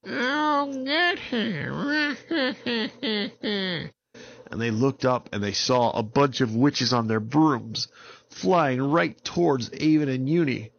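A man telling a children's story in a relaxed, unhurried way, with small restarts. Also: medium pitch, vocal fry, lo-fi sound. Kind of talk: improvised bedtime storytelling.

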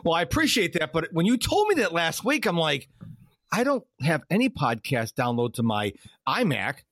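Animated man telling stories on a podcast. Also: fairly high pitch, normal speed, dry recording. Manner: animated storyteller who acts out quoted dialogue. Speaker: podcast host. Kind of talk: casual podcast conversation.

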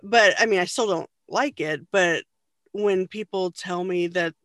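A woman being interviewed as a podcast guest, soft-spoken and self-conscious, laughing often as she talks. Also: on the low side, measured pace, no echo, studio quality.

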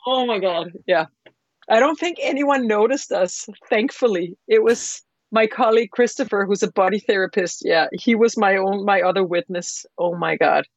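Animated woman chef telling stories. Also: medium pitch, moderate pace, no room sound. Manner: animated, rambling storyteller with many fillers. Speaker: professional chef, guest. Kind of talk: casual interview storytelling. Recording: slightly dull lo-fi sound.

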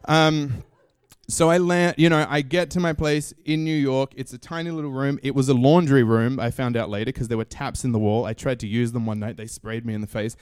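A young man with an Australian accent tells a funny story live on stage. His voice is mid-pitched and sounds close to the mic in a dry space with little room sound. He is lively and slips into the voices of the people he describes. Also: a little fast, clean tone, no echo. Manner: comic, animated storytelling with voices. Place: stage in a small venue.

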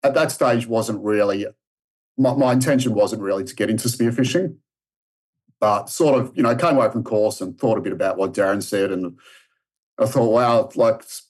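A fairly low, darkish male voice at a normal speed. He's an Australian strength and conditioning coach in his thirties, a podcast guest spinning a long story in a casual interview with lots of restarts and fillers.

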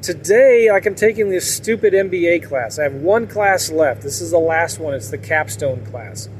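A man chats candidly to his audience, wandering from point to point and chuckling often. His voice sits a bit high for a man. A faint hum of traffic and ambient noise runs under him. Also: animated, moderate pace. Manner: rambling, candid, laughs often. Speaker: vlogger. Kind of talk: casual monologue to viewers.

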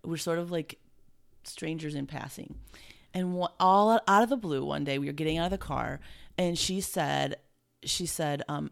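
Low gravelly-voiced woman, emotional. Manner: emotional, halting, many restarts. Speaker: guest. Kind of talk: heartfelt conversation.

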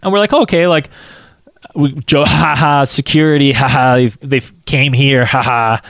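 A man telling a casual anecdote, acting out quotes in an animated way and saying "like" a lot. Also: mid-range voice, normal speed, gravelly, dry recording, clean studio sound.

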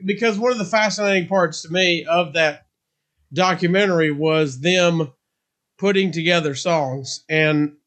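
A man's voice: on the high side, a little slow, a bit bright. A male interview host asking eager, chummy, curious questions in a casual chat.

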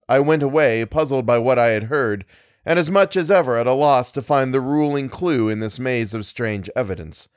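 A man reading a literary tale aloud in a measured, expressive storytelling manner. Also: mid-range voice, no echo, studio quality. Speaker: audiobook reader. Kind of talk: scripted literary narration.

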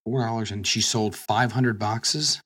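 A man's voice: lowish voice, steady tone, measured pace, a bit bright. A man hosting a podcast in casual chat, upbeat, reading out plugs for the show and swearing now and then. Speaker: podcast host.

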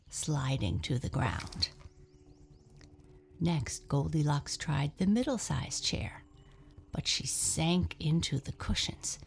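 Slow, gravelly woman reading a storybook. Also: sits low, whispered. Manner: slow, expressive, drops to soft breathy asides.

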